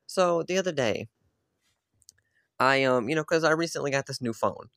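A man's voice: mid-range voice, fairly bright tone, no echo, studio quality. A young man hosting his own podcast alone, chatting casually and rambling with lots of restarts and filler words. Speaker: podcast host. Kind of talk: casual solo podcast chat.

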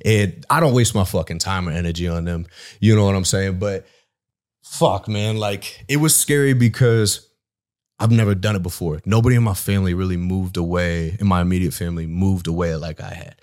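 Blunt, profane man with a low voice. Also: brisk, darkish tone. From Southeast Iowa. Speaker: podcast guest, personal trainer. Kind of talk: casual podcast conversation.

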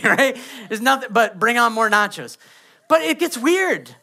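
A man's voice: very high voice, very animated, moderate pace, gravelly, bright, forceful tone. A man, preaching a sermon as pastor and acting out quoted kids and prayers.

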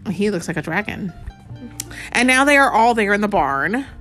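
Lively woman reading a picture book. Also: medium pitch, faint music behind. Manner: animated, slows down for the read-out lines and chats about the pictures. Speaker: parent reading to a child.

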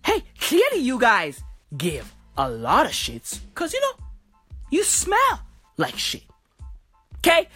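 Woman ranting with a husky, lively voice. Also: on the high side, unhurried, pauses often, dry recording, soft background music. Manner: crude, repetitive, swings into loud exasperated shouts. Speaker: comedic ranter. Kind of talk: profane comedic rant.

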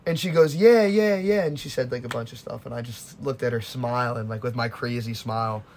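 A young man hosting a casual podcast, telling stories with lively acted-out quotes and plenty of swearing. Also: medium pitch, a little fast. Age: young adult. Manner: animated storytelling, acts out quotes, swears freely. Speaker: podcast host. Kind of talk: casual chat.

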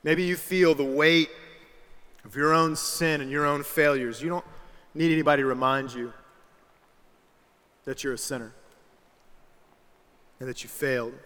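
Bright-voiced man preaching in a hall. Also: a little high, fairly even intonation, unhurried, long pauses. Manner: conversational storytelling, voices quoted people. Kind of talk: sermon. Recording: reverberant hall with music underneath.

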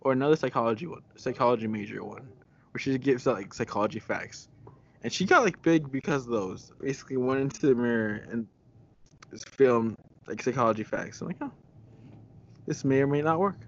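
A man's voice: mid-range voice, a little fast, vocal fry, dull audio, a little hiss or hum. A young man co-hosting a podcast, chatting casually with lots of laughter and fillers. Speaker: podcast co-host. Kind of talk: casual chat.

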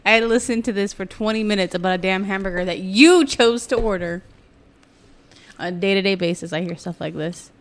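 A woman's voice: mid-range voice, a little fast. A woman co-hosting a casual podcast, exasperated and teasing as she talks back to her co-host. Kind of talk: casual banter.

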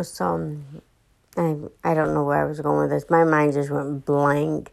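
A woman's voice: low voice, flat delivery, a little slow, vocal fry, a little mellow, poor audio. An exhausted young woman rambling through a casual podcast monologue, full of fillers and restarts. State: exhausted and fatigued. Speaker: podcast host.

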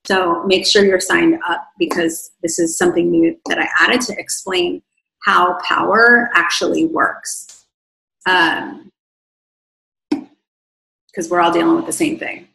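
Creaky-voiced woman with a tiring voice. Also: lowish voice, expressive, slow pace, long pauses, reverberant, low-quality recording. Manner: effusive, rambling, warm toward viewers. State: voice fading from long talking. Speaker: online coach. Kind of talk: livestream Q&A reading viewer comments.

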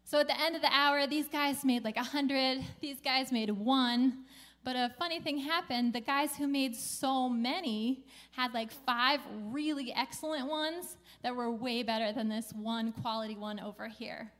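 A woman's voice: high voice, fairly even intonation, a little slow, fairly bright tone. A woman pastor preaching a sermon in a conversational way, with casual slang mixed into her preaching.

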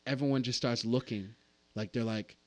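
A man's voice: medium pitch, steady tone, normal speed. A man, a podcast guest, telling a wild story with lots of swearing and acted-out dialogue. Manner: profane, acts out voices in the story. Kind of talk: animated storytelling.

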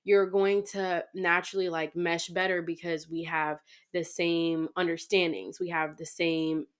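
A young woman in her twenties chats frankly as a podcast guest, her voice sitting a little low. She laughs easily and peppers her talk with "like". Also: level tone, clear, resonant tone. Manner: chatty, frank, quick to laugh, heavy use of "like". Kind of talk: casual chat.

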